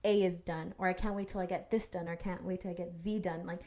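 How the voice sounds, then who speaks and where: A woman's voice: lowish voice, fairly even intonation, fast, dark tone. A young woman co-hosting a podcast, telling a personal story in a candid, casual way with fillers and restarts. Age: young adult. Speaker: podcast co-host. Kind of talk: casual chat.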